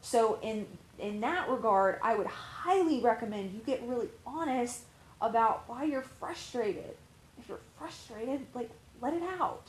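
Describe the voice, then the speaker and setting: A woman's voice: fairly high pitch, lively intonation, measured pace, echoey room, slight background noise, rough recording. A woman life coach giving casual, candid advice, rambling and swearing freely with lots of fillers. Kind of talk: casual talking-to-camera advice.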